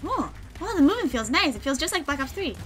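A young woman giving casual commentary while playing a video game, quick to get excited, squeal and laugh. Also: sits high, soft background music. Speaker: gaming video host. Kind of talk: live gameplay commentary.

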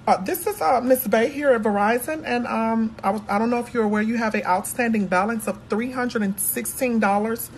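A woman's voice: fairly high pitch, normal speed, slight background noise, low-quality recording. A woman playing a polite, hesitant bill collector on the phone.

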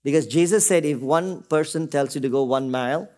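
A middle-aged man leads a church sermon in a fairly high voice. He speaks, keeps checking in with the congregation, and slips into brief quoted voices to make his points. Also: brisk, mellow. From Singapore. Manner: calls out to the congregation with repeated "Amen?" and acts out short quoted voices. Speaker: pastor.

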